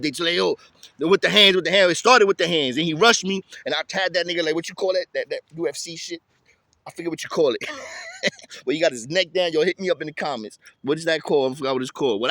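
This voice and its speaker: A man telling a story in casual street slang, lively and chatty. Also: fairly high pitch, no room sound. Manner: street slang, animated, tosses in "you feel me".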